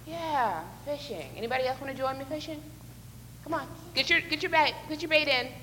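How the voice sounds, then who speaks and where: A woman's voice: sits high, a little fast, pushed and bright, a little hiss or hum. A woman leading an interactive children's Bible lesson in church, playful and coaxing as she acts out a fishing story with the kids. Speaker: children's sermon leader. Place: church sanctuary, large echoey room. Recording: echoey hall with long reverb.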